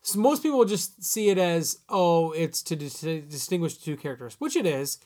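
A man's voice: fairly high pitch, expressive, normal speed, a little mellow. A man co-hosting a podcast, talking casually about a movie and rambling through restarts. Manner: rambling, restarts, says "like" a lot. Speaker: podcast co-host.

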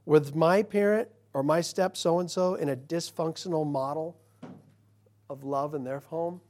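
A male pastor preaching a sermon in church, talking conversationally and swinging from loud emphasis to hushed, quiet passages. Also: fairly high pitch.

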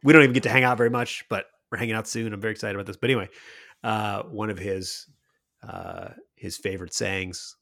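A man's voice: fairly low pitch, steady tone, fast talker, fairly bright tone. A middle-aged man co-hosting a podcast, chatting casually and rambling with many fillers and restarts. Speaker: podcast co-host. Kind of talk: casual chat.

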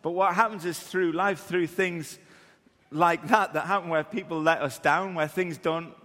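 Preacher telling stories in a big hall. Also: male voice, on the high side, moderate pace. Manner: animated, self-deprecating, acts out scenes. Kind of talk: humorous sermon storytelling.

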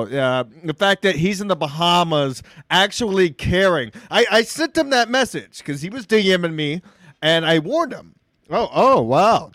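A male podcast host speaking casually, with mocking sarcasm and plenty of swearing. His voice sits a bit high. The sound is dry, with no room echo.

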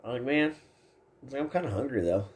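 A man's voice: medium pitch, expressive, brisk. A man hosting a podcast, casually telling stories in a laid-back way and laughing along. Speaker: podcast host. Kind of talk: casual chat.

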